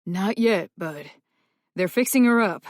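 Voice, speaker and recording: A woman's voice: medium pitch, animated, measured pace, dry recording, studio quality, close to an everyday voice. A woman voicing a male paramedic who steadily reassures an injured boy in an audiobook. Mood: reassuring. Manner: firm, reassuring, coaxing.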